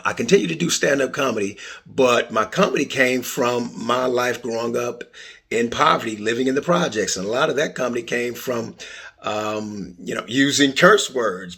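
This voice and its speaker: A man's voice: medium pitch, slightly rough. A middle-aged man hosting his own podcast, talking casually in a playful, joking way. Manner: playful, jokey and expressive. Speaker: podcast host. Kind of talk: casual monologue.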